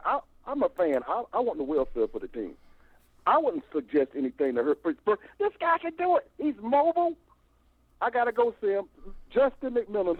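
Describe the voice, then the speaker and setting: A man's voice: high voice, no room sound. Older man ranting down a phone line. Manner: animated, repeats himself, stammering restarts. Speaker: phone-in caller. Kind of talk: rambling call-in rant. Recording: tinny phone line, dry.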